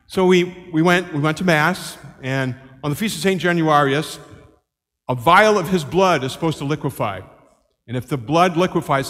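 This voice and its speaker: Older priest, kinda high voice, animated story homily, big echoey church. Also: male voice. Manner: animated, acts out quoted voices.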